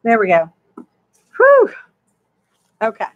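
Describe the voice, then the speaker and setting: Through narrow, tinny audio, a woman's mid-range voice comes at a slow pace. She hosts a crafting channel, rambling homily to viewers and herself during a live craft demonstration.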